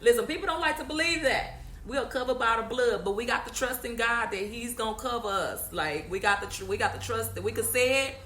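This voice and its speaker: A woman gives a casual faith talk on her podcast, speaking directly to her listeners in a chatty, preachy way. Her voice is bright and forceful. The recording is roomy and echoey, with a faint hum underneath. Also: on the high side, fairly quick, few pauses. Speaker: podcast host.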